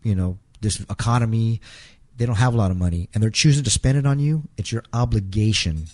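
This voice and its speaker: A middle-aged man as an interview guest, telling an emotional personal story in a halting way, repeating words and acting out quotes. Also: medium pitch, darkish tone.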